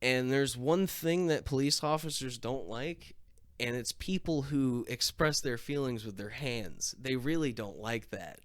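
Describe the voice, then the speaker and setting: A man's voice: medium pitch, unhurried, no echo, studio quality. A man casually telling a comic story about himself, swearing constantly and acting out every exchange.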